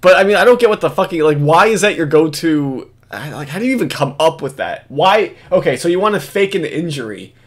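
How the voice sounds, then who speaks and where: A man's voice: fairly high pitch, expressive, a little fast, hardly any pauses. A man giving casual, profane commentary on a video, rambling and sarcastic with frequent restarts.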